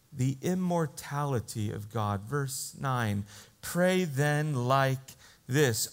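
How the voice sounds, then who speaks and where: A man preaching a sermon, slow and earnest, rising in emphasis on key phrases. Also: mid-range voice. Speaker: pastor.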